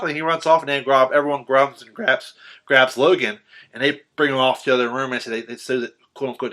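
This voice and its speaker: In a profane, animated film recap, a male podcast co-host casually retells scenes and acts out quotes, sometimes shouting suddenly. His voice sits at medium pitch.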